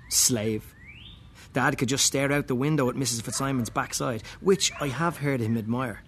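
A man reading a first-person story aloud, slow and wry, with muttered, dry asides. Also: medium pitch, breathy edge.

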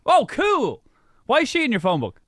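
Male radio host, high animated voice, dry studio sound, teasing quick-fire style. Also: no echo. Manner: playful, teasing, quick questions. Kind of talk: radio interview.

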